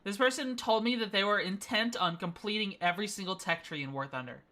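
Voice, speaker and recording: Bright-voiced woman streamer chatting casually. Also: mid-range voice, fairly quick. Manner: chatty, laughs often, playful. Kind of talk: casual gaming stream chat.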